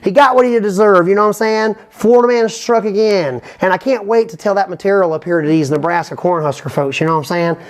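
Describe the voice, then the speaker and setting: A man telling a rambling comic story, animated and full of asides. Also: sits high. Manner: fast, animated, repeats "you know what I'm saying". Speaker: comedian.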